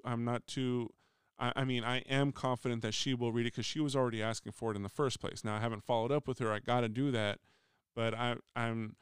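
A man's voice: mid-range voice, clean tone, dry recording, studio quality. A middle-aged man, a union steward, telling a story in a casual, rambling monologue with many restarts. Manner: rambling, frequent restarts, acts out quoted voices. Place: voice message recording.

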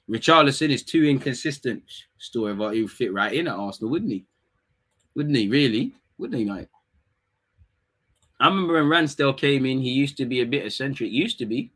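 A young man hosts a live stream and chats quickly about football in slangy street talk. He reads viewer comments aloud and fires teasing jokes back at them. His pitch sits in a middle range for a man. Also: sharp tone. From England. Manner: fast slangy chatter, teasing chat, quick asides. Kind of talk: casual live-stream chat reading comments.

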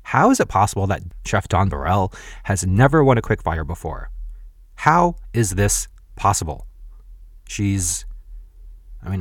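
A man's voice: on the low side, no room sound, studio quality. A man in his thirties hosting a podcast, casually recapping a cooking show, chatty with frequent laughs and blunt asides. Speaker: podcast host.

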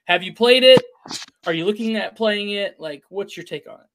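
A man's voice: high voice, normal speed, background noise. A man hosting a casual sports and gaming talk show, upbeat and rattling off lists of scores and stats. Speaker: host.

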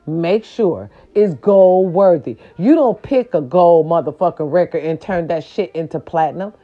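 A woman's voice: lowish voice, expressive, normal speed, phone-quality sound. A woman, ranting to her viewers in a sassy, profane and emphatic casual monologue. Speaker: vlogger.

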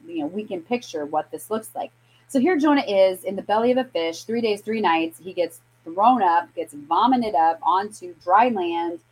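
A woman hosting a weekly scripture show, teaching casually. She tells the story in an animated, chatty way, full of fillers and restarts. Her pitch sits in an ordinary middle range. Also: low-quality recording.

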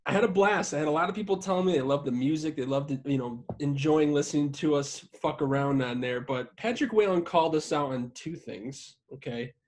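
A man's voice: fairly high pitch, fairly quick, hardly any pauses. A man co-hosting a podcast in casual chat, swearing freely and rambling in a self-deprecating way. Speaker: podcast co-host.

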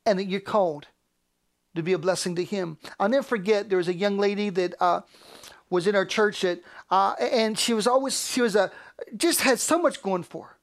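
A man preaching with fervent, repetitive cadence. His sermon swings between near-shouted declarations and soft, hushed whispers. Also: high-pitched, moderate pace. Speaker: pastor.

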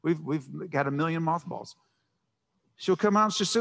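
A man preaches a sermon, his emphatic delivery marked by repeated words at the start of each thought, and the sanctuary gives it a long, hall-like reverb. He speaks at normal speed, his voice on the high side and slightly bright.

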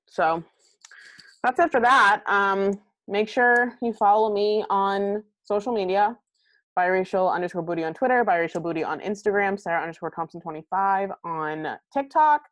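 A woman's voice: mid-range voice, moderate pace, dry recording, rough recording. A young woman hosting a podcast in casual chat, rambling with lots of fillers and poking fun at herself. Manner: rambling, filler-heavy, self-deprecating. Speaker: podcast host.

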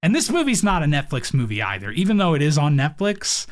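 Chatty man with a higher voice. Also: big pitch swings, fast talker. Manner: rambling, heavy use of "like", laughs often. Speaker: podcast co-host. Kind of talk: casual chat reviewing a movie.

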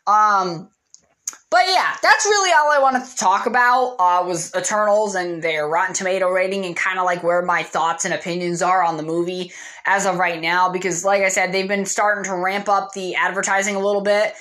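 A woman's voice: medium pitch, normal speed, a bit bright. A woman giving a casual, candid movie opinion monologue, with frequent fillers and the odd swear word. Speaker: movie commentator.

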